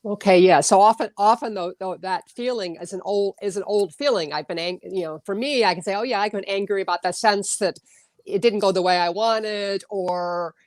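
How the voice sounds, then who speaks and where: Brief: woman interviewer, mid pitch, halting questions, dry close sound. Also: darkish tone, no room sound. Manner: hesitant, many restarts, affirming. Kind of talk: casual discussion.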